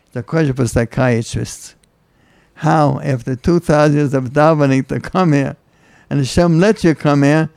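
A man's voice: a little high, vocal fry, darkish tone, no echo. An older man, a rabbi, tells a story in conversation and presses his point with emphatic rhetorical questions. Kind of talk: conversational interview.

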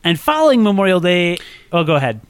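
A man hosting a casual podcast, his voice a little high for a man and recorded dry and close on a studio mic. He rambles and pokes fun at himself, with plenty of ums and uhs. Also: very animated, fast talker, clean tone, no room sound. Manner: rambling, self-deprecating, filler-heavy. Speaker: podcast host.

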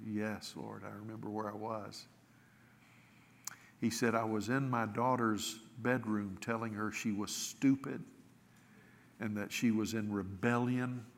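A man preaching a sermon, retelling a story and quoting the people in it with slow, deliberate emphasis. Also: mid-range voice, fairly bright tone. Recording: long reverb of a large hall.

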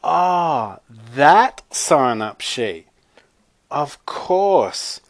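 A man's voice: medium pitch, expressive, measured pace, a little mellow, no room sound. A man doing a nasal, ditzy teen girl. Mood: catching on.

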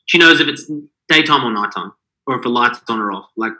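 A man's voice: mid-range voice, expressive, fairly quick, pushed and bright, poor audio. A man co-hosting a podcast, talking in a rambling, earnest way with many fillers. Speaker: podcast co-host. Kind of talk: casual podcast chat.

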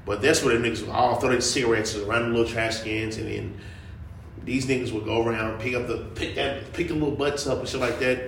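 A young man hosting a casual chat, telling stories with a laugh and slangy talk, jumping into high-pitched quoted voices. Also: steady tone, fast talker, vocal fry, a bit bright, echoey room, a little hiss or hum. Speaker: podcast host.

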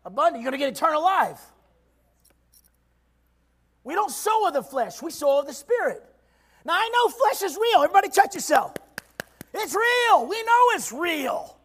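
A man preaching a sermon in a shouting, call-and-response style, swinging from loud cries down to quiet low stretches. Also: sing-song, normal speed, pauses often.

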